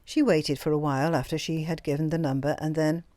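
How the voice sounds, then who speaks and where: A woman narrating a novel aloud as an audiobook, in an expressive storytelling manner. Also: deep voice, fairly quick, hardly any pauses, dry recording. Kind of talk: scripted narration.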